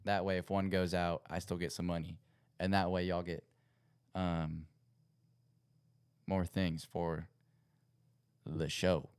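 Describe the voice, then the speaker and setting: A man's voice: sits low, flat delivery, takes it slowly, long pauses, a little mellow, clean tone, dry recording, studio quality. A young man, rambling casually as the host of his own sports livestream. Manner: rambling, self-correcting, chatty. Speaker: podcast host. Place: home setup at a computer.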